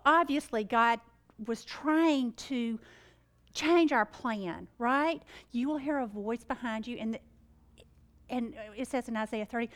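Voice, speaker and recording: A middle-aged woman, telling a faith story in a chatty, exclamatory way and acting out the dialogue. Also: a little high. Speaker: Christian speaker. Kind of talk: animated storytelling.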